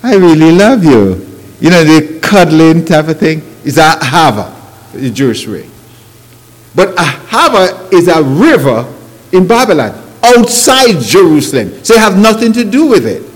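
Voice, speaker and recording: A preacher delivers a sermon unhurriedly, his lively, swooping pitch somewhat high for a man, and the long echo of a large hall rings around him. He drives his points home with emphatic rising phrases, rhetorical questions, and non-native grammar.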